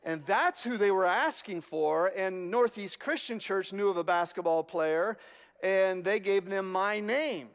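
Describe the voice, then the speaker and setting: A man preaching a sermon, telling stories with animated, wry humor. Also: sits high, unhurried, long reverb tail. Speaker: pastor.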